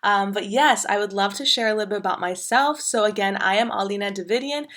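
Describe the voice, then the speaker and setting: A woman's voice: medium pitch, fast, a bit bright. Bubbly twenty-something woman chatting as a podcast guest, lots of ums and you knows. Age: 20s. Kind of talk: casual podcast chat.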